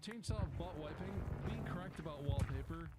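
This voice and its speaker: A man's voice: fairly high pitch, brisk. A man hosting a casual gaming chat, reading out points with a playful, laughing manner. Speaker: host tallying points. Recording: loud background noise.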